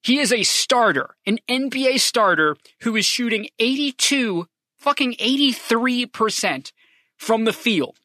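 Profane, bright-voiced basketball fan ranting. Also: medium pitch, animated, no room sound, studio quality. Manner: profane, impassioned, rapid-fire; drops to a quieter, rambling tone. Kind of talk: sports opinion rant.

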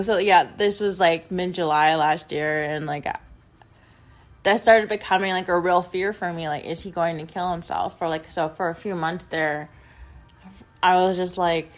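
A young woman vlogger telling a personal story in a rambling, casual way, filling every pause with "like" and speaking bluntly with plenty of swearing. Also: on the low side, fairly even intonation, soft background music. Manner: rambling, heavy use of "like", blunt and profane.

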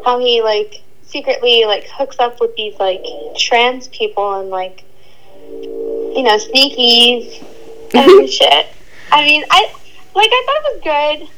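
A woman calling in as a podcast guest, speaking haltingly with many restarts and likes over a phone line. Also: a little high, animated, crowd noise. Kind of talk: casual chat. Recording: phone call with faint noise.

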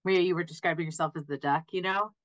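A woman's voice: on the low side, fairly even intonation, fast, a bit bright. A woman guest on a podcast, chatting casually in a bubbly way and laughing often. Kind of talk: casual chat. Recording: slightly muffled lo-fi audio.

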